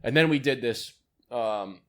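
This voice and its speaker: A man's voice: mid-range voice, unhurried, fairly bright tone. A young man co-hosting a podcast, telling a trip story in casual chat, rambling with restarts and casual swearing. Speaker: podcast co-host.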